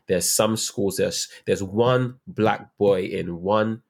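A man's voice: fairly low pitch, takes it slowly. A young man who works as a teacher, talking earnestly and reflectively in a casual interview, with many fillers and restarts. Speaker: teacher, guest.

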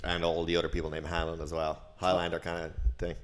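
A man's voice: low-pitched, monotone, fast. An Irish man co-hosting a podcast in casual comic chat, wry and dry, laughing often. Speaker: podcast co-host.

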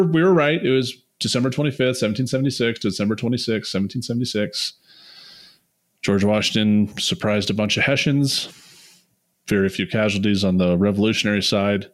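A man's voice: lowish voice, brisk. A young man co-hosting a podcast, chatting casually and giggling between jokes. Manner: giggly, loose and joking. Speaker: podcast co-host. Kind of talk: casual chat.

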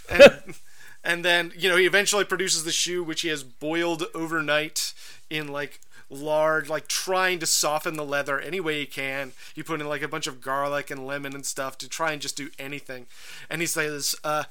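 Bright, clear-voiced male podcast host. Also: on the high side, moderate pace. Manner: animated, rambling storyteller. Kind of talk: casual chat.

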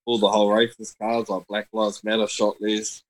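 Lowish New man telling stories. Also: brisk, slight background noise, poor audio. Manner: swears freely, animated storytelling. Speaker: podcast guest. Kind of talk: casual storytelling.

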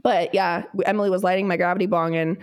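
A young woman co-hosting a podcast, telling stories in a casual, animated way, swearing a lot and acting out quotes loudly. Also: lowish voice, fast talker. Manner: animated storyteller, heavy swearing, loud acted quotes. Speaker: podcast co-host. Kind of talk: casual chat.

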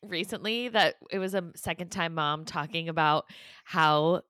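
A woman's voice: fairly low pitch, a little slow, a bit bright, no room sound, clean studio sound. A woman podcast co-host chatting casually, with blunt jokes. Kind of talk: casual chat.

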